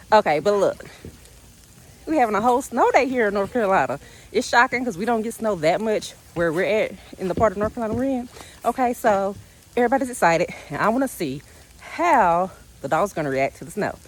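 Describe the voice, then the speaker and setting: A woman's voice: mid-range voice, brisk. A woman, chatting casually to the camera as a vlogger about her dogs. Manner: chatty and animated, uses y'all, narrates her dogs' reactions. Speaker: vlogger and dog owner.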